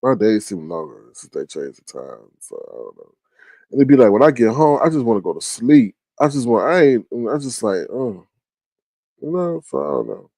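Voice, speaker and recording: A man's voice: medium pitch, very animated, moderate pace, dark tone, no room sound. A man hosting a livestream in a casual chat, sleepy and yawning, rambling and trailing off as he restarts his thoughts. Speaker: livestream host. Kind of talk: casual live-chat commentary.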